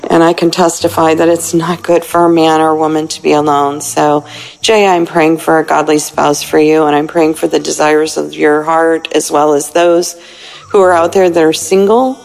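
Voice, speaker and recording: A woman in her sixties calling in to a prayer line, earnest and halting as she prays aloud. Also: low-pitched, flat delivery, vocal fry, darkish tone, rough recording. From United States. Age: 60s. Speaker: caller. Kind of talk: recorded prayer call-in message.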